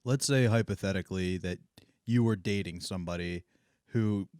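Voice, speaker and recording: A man's voice: low-pitched, moderate pace, a little mellow, clear, resonant tone, no room sound, studio quality. A man teasing a guest on a comedy podcast with sly hypothetical questions. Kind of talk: comic podcast banter.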